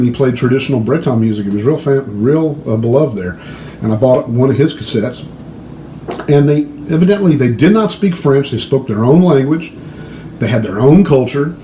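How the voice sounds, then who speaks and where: A man telling a long story in a casual, animated way, hosting his own show. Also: medium pitch, roomy sound, slight background noise, rough recording.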